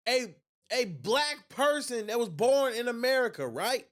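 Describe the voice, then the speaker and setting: A man hosting a reaction video, talking in a loud, heated and mocking way. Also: very high voice, expressive, unhurried. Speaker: host reacting to a clip. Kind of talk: casual reaction commentary.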